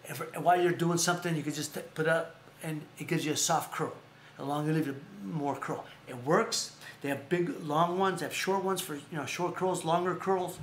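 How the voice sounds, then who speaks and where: A man's voice: a little high, fairly bright tone, a little hiss or hum. A man hosting a casual talk show, rambling and repeating himself as he plugs sponsors. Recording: echoey room.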